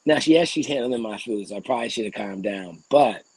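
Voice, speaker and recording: Podcast co-host, young adult male, husky, profane and animated, dry close sound. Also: mid-range voice, a little fast, no echo, poor audio. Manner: animated, profane ranting with frequent throat clearing. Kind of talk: casual podcast storytelling.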